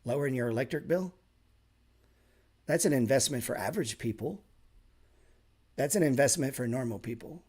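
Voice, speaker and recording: Man, trading teacher, blunt, profane, emphatic, sarcastic, casual live class, mid-pitched voice. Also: lively intonation, normal speed, long pauses, a little mellow, slightly rough. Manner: sarcastic asides.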